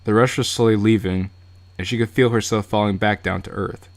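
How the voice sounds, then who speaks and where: A man's voice: fairly low pitch, steady tone, fairly quick. A man streaming a game, reading its narration aloud and breaking off for joking asides. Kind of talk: casual live-stream read-through.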